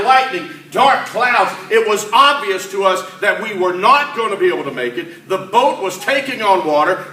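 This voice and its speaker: A man's voice: a little high, slight background noise. A man playing Peter, impulsive old fisherman. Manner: emphatic, swings between loud cries and hushed asides. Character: the apostle Peter, a rough, impulsive fisherman telling his story. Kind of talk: dramatic first-person church monologue. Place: church sanctuary. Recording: echoey church hall, mic at a distance.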